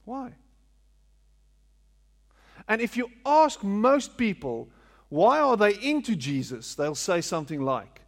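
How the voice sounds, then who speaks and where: A man's voice: high voice, very animated, slow, gravelly, long pauses. A man preaching a sermon, repeating phrases for emphasis and asking rhetorical questions in a large hall. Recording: long hall reverb.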